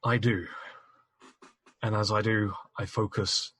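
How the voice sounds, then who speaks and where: Tabletop game figure: a man doing an earnest dwarf, husky, slow and formal, dry close sound. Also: on the low side, little pitch movement, a bit bright, no echo, exaggerated voice. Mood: solemn. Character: solemn dwarf adventurer in meditation.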